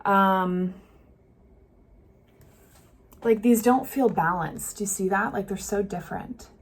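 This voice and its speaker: A woman's voice: medium pitch, moderate pace, husky. Musing woman reading tarot cards. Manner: gentle, musing, thinks aloud with many fillers. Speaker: tarot reader. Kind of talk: casual tarot reading to camera. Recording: faint street noise behind.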